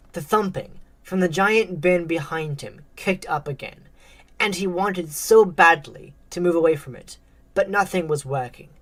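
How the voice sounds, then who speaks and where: A woman narrating a tense story with a measured, dramatic delivery. Her voice sits on the low side, and she takes her time over each line.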